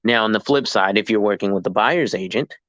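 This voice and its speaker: A man, a licensed real estate agent, explaining the business in a casual chat and acting out deals in quick asides. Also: fairly low pitch, no echo, highs cut off. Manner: animated, acts out dialogue in quick asides.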